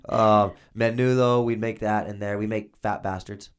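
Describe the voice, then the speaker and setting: A man's voice: on the low side, little pitch movement, normal speed, clear, resonant tone. A man co-hosting a podcast, telling loose, filler-heavy stories in casual chat. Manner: rambling, filler-heavy storytelling. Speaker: podcast co-host, former inmate.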